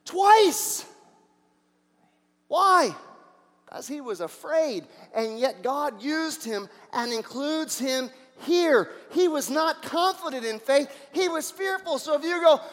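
A male pastor preaching a sermon, energetic, throwing out rhetorical questions and swinging between loud and soft. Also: very high voice, unhurried, few pauses, in a large hall.

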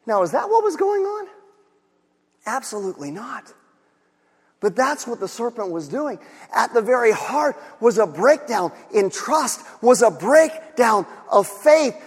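Guy preaching, really high voice, keeps pushing up to shouts, lots of "why?" questions. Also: sing-song, a little slow, breathy edge, in a large hall. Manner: emphatic, often rising to shouts, asks rhetorical questions. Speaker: pastor. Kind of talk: sermon.

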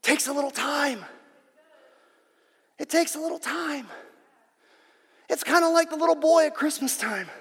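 A man preaching a sermon as pastor, impassioned and repetitive, swinging between loud and hushed. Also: very high-pitched, unhurried, gravelly, pauses often, long reverb tail.

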